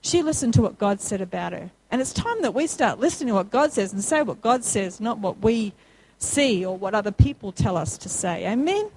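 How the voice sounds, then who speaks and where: A woman preaching a sermon, emphatic and repetitive, climbing to excited high peaks when she calls out to the congregation. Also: brisk, slight background noise, low-quality recording. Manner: emphatic, rising to high call-and-response peaks.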